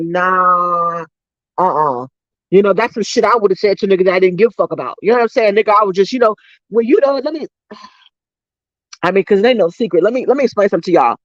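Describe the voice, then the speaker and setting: A woman delivering a heated, profane commentary rant straight to her viewers, talking fast and cutting herself off. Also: mid-range voice, a little mellow, no room sound. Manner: heated, profane, rapid-fire ranting. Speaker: commentary vlogger. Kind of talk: ranting commentary vlog. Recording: dull lo-fi dry recording.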